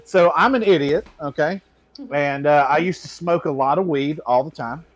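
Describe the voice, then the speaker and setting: A young man, a podcast co-host telling a profane, self-mocking story in a casual, animated way. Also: a little high, moderate pace, dry recording.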